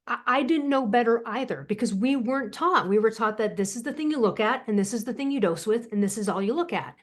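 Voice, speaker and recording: Emphatic, animated woman guest. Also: a little high, quick pace. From United States. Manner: emphatic, animated storyteller who acts out quotes. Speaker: guest author and thyroid coach. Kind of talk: podcast interview.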